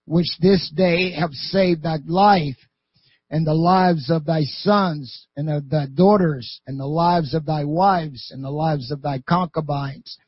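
A stern army general, forceful and scolding, his husky voice growing louder as he presses his point, as a man reading scripture aloud takes his part. The sound is dry and a little dull. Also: fairly high pitch, dry recording. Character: stern male army general rebuking a king.

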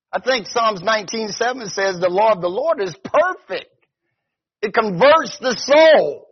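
A man preaching a conversational sermon as pastor, often stopping to ask "see?". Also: very high voice. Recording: dull lo-fi recording.

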